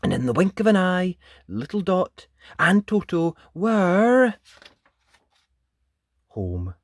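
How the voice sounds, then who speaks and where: Expressive male storybook narrator. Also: sits high, slow pace, no room sound, studio quality. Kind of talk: children's storybook read-aloud.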